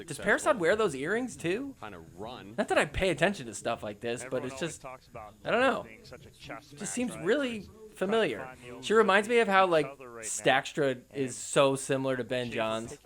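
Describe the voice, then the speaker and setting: A man's voice: on the high side, fairly bright tone. A man hosting a podcast, giving casual, teasing commentary over sports clips and laughing often. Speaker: podcast host.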